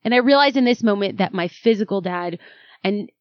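A woman guest on an interview podcast, telling her story in a dramatic, animated way. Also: mid-range voice, brisk, no room sound, highs cut off. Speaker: author and guest.

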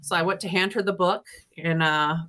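A woman guest author talks through local ghost stories in a relaxed, chatty way. Her voice sits a little low for a woman but comes across bright and forceful. She slips into other people's lines as she tells each story. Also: moderate pace. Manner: lively storyteller, acts out quoted dialogue, laughs often. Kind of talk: casual ghost storytelling in an interview.

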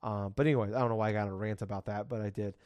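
A man's voice: fairly low pitch, fairly even intonation, rapid-fire, a little mellow, dry recording. A man in his thirties hosting a casual podcast, rambling and ranting with lots of swearing. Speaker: podcast host.

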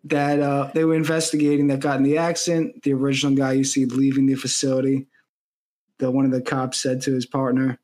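A man's voice: medium pitch, completely flat delivery, brisk, a little mellow. A man co-hosting a casual movie podcast, telling stories about his favorite scenes with enthusiasm. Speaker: podcast co-host. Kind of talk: casual movie review chat.

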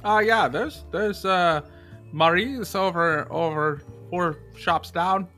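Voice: medium pitch, big pitch swings, moderate pace, a bit bright, faint music behind. Bigsby, a game master doing a folksy old shopkeeper with an odd accent. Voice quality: hesitant, drawling, full of uhs. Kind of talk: playing a shopkeeper in a tabletop game.

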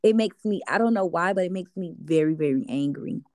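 A woman's voice: fairly low pitch, fairly quick, darkish tone, no room sound. A young woman being interviewed as an artist, chatting in a casual, easygoing way and laughing now and then. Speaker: guest artist.

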